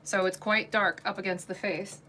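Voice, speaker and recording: Chatty woman host reviewing wigs, bright ringing voice, lots of um's. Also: medium pitch, little pitch movement, moderate pace, a little hiss or hum. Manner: chatty and giggly, many fillers. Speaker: wig reviewer and shop owner hosting a livestream. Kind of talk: casual livestream product chat.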